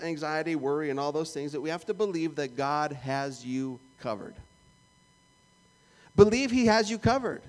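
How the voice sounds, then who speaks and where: A man with a Canadian accent preaching a sermon in a conversational, joking way, acting out little prayers and asides. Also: a little high. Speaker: pastor.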